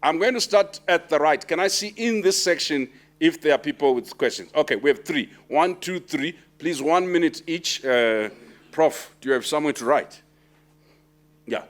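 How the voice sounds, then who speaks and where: Brisk man moderating a Q&A. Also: fairly high pitch, lively intonation. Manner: brisk, bantering, urging brevity. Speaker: moderator of audience questions. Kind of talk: chairing a Q&A session. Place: lecture hall with an audience.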